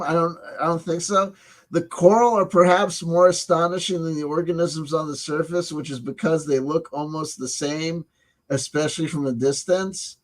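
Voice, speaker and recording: A man with a slightly high voice reviewing a tabletop game supplement in a casual way. He reads the text aloud and cuts in with sarcastic, profane remarks.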